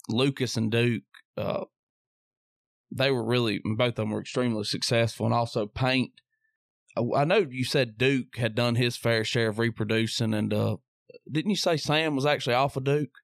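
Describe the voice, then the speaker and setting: A man's voice: medium pitch, a little slow, creaky, no echo, clean studio sound. A man interviewing a dog breeder, asking questions hesitantly with many fillers. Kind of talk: casual interview.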